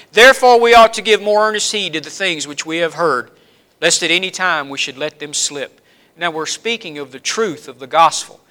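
A middle-aged man with a Southern US accent delivers a sermon in a high, bright voice. He builds his points into emphatic lists that rise in force. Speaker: pastor.

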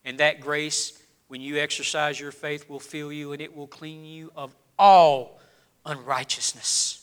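A man preaching a sermon in a church, swinging between low, quiet lines and loud, rising appeals. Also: flat delivery, measured pace, smooth. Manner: preaching with rising and falling intensity, dropping low then building loud. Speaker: pastor.

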